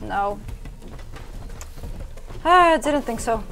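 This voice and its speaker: A woman streaming a video game live, reacting loudly and often while she plays. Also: fairly high pitch, extremely slow, creaky, a little hiss or hum. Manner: excitable, frequent exclamations while playing. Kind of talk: live gameplay commentary. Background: game music.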